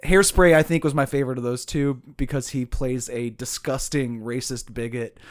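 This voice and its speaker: A man's voice: mid-range voice, steady tone, moderate pace. A man co-hosting a podcast in casual chat, talking loosely with lots of fillers and frequent laughs. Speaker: podcast co-host.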